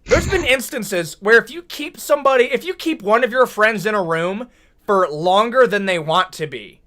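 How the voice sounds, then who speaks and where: Here a young American man, his voice sitting high and his speed normal, delivers casual video commentary. He's animated and joking, ranting with mock outrage and slang such as "brother, what?"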